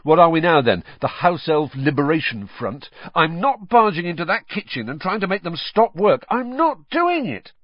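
A man's voice: on the high side, sing-song, moderate pace, few pauses, dry recording, lo-fi sound, voice pushed up. A man voicing a cheeky, blunt teenage schoolboy with a joking, stubborn manner.

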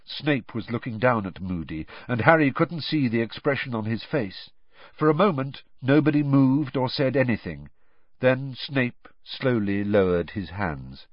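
Animated male audiobook narrator. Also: medium pitch, measured pace, no room sound, lo-fi sound. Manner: animated, dramatic reading.

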